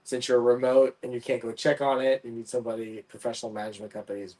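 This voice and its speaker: A man's voice: mid-range voice, flat delivery, fast, warm tone, distant mic, low-quality recording. A man on a casual real estate panel giving practical advice about property management in a plain way that trails off at the ends of sentences. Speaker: real estate agent and Airbnb owner.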